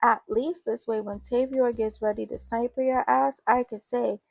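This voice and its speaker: A woman playing a loud sassy teen girl. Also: fairly high pitch, fairly even intonation, normal speed, gravelly, no echo. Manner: brash, loud slangy ribbing.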